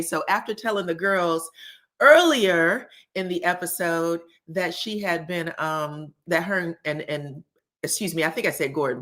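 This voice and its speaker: A woman's voice: on the low side, sharp tone. Sassy woman recapping reality TV. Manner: chatty, sassy, laughing asides to viewers. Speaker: host. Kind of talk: casual reality-TV recap commentary.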